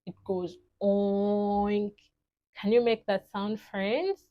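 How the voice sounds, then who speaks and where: A young woman teaching toddlers, speaking slowly and cheerfully in an exaggerated sing-song and imitating animal sounds. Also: medium pitch, very animated, lo-fi sound. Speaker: children's teacher.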